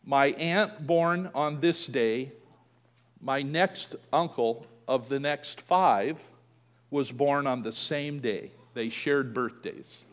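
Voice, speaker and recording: A man's voice: mid-range voice, slow, long reverb tail. A man preaching a sermon, telling a family story and acting out the quoted voices. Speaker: pastor.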